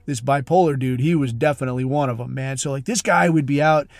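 Talking fast at a medium pitch, a podcast host tells a long, wandering story in casual, crude, blunt language loaded with fillers. He comes from the military special operations community, and the recording is dry and studio quality.

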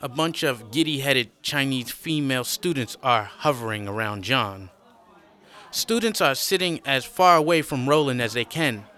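A man narrating a scripted audio drama in a slow, measured, matter-of-fact way. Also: mid-range voice, lively intonation, pushed and bright.

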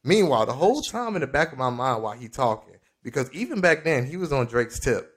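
Animated young man telling a story. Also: fast. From Florida. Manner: animated storyteller, acts out quoted lines with big pitch jumps, laughs often. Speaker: podcast co-host. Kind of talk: casual storytelling chat.

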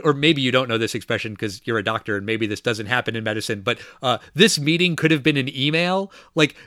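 Relaxed man recapping a film, dry sound. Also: mid-range voice, dry recording. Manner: relaxed, recaps plot with many fillers. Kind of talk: casual film discussion.

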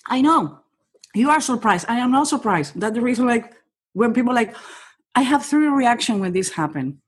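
A woman's voice: on the high side, animated, husky. A woman speaking as a human behavior expert on a podcast, reading the listener point by point in direct, non-native English. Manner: direct and rapid-fire, reads the listener point by point, says "honey". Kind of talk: casual podcast conversation.

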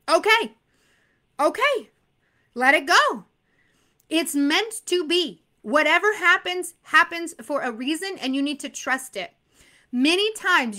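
A woman giving an energetic motivational talk to insurance exam students, laughing often and repeating phrases for emphasis. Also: high-pitched.

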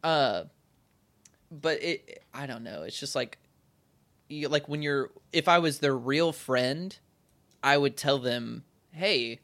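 A man's voice: medium pitch, expressive, takes it slowly, long pauses, a bit bright. A man in his twenties talking through a casual chat, rambling with many restarts and acting out quoted voices.

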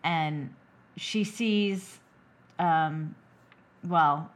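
A woman co-hosting a casual movie podcast, speaking a little lower than most women. She retells the plot in a chatty, rambling way, circling back and restarting her sentences as she goes. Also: drawn-out words. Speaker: podcast co-host. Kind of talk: casual movie-review chat.

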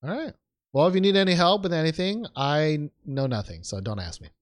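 A man's voice: a little high, lively intonation, fairly quick. Young guy cohosting a podcast, loose and self-mocking, tone all over the place. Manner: joking, self-deprecating, lots of fillers and laughs. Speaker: podcast co-host. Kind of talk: casual podcast chat.

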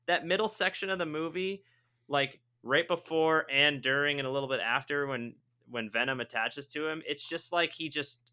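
Bright, tense-voiced man cracking jokes. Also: medium pitch, clean tone. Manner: rambling, joking, self-deprecating. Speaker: podcast co-host. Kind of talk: casual movie review chat.

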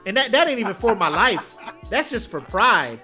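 A man co-hosting a podcast in casual chat, slangy and profane, animated and acting out what people said. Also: sits high, moderate pace, soft background music. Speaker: podcast co-host.

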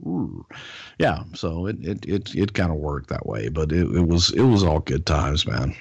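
A middle-aged man telling wrestling stories on a podcast in a casual, animated way. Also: normal speed, creaky, husky, no echo, highs cut off. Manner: animated, jumps into high impressions of others. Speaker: guest, wrestling personality.

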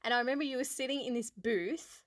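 A woman's voice: on the high side, quick pace, no echo, clean studio sound. A woman, co-hosting a casual chat and telling stories with frequent laughter. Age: 20s. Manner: giggly storytelling, laughs often. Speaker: podcast co-host.

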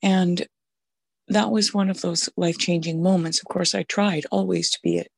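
A middle-aged woman with a weak, husky voice shares a personal faith testimony, halting and reflective, with many fillers. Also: lowish voice, steady tone, no echo. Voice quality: gravelly, husky voice. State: voice sounds weak or flaky. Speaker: Catholic mother sharing testimony.

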